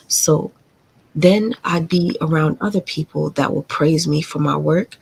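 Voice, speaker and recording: A woman's voice: sits low, a little slow, vocal fry, darkish tone, husky, low-quality recording. A woman hosting a live stream, telling a painful family story in a candid, confiding and profane way. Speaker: livestream host.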